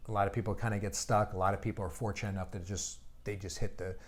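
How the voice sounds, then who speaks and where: A man in his forties chatting casually, telling animated stories and laughing often. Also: on the low side, very fast. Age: 40s. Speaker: guest. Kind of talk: casual chat.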